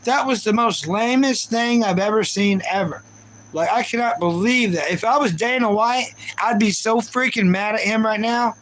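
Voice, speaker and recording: High-voiced ranting male streamer. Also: moderate pace, fairly bright tone, low-quality recording. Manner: ranting, repeats himself, talks to chat viewers. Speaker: livestream host. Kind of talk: casual live reaction chat.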